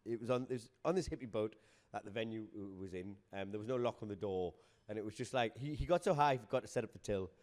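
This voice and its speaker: A young adult man, a guest comedian, chatting casually on a podcast and telling animated, sweary stories. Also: fairly low pitch, fast talker. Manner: animated storyteller, swears freely.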